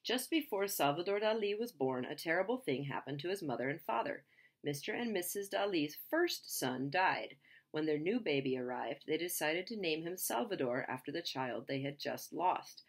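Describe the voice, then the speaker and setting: A woman reading a children's picture book aloud in a lively, expressive way. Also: low voice, moderate pace, husky. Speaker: reader.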